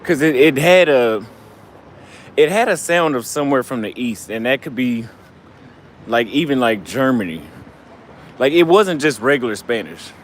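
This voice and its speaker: A man's voice: mid-range voice, lively intonation, normal speed, long pauses. A tipsy, slightly breathless man talks loosely into his handheld camera outdoors on a night street. His voice sits mid-height, and faint traffic and city hum run behind him. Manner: loose, rambling, profane, trailing off mid-thought. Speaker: travel vlogger. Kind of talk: casual street vlog monologue.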